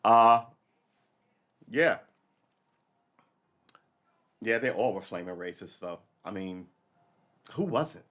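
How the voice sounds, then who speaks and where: A man hosting a live podcast, rambling and opinionated, swinging from loud outbursts to low asides. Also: lively intonation, slow pace, pauses often. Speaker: podcast host. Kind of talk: casual live commentary.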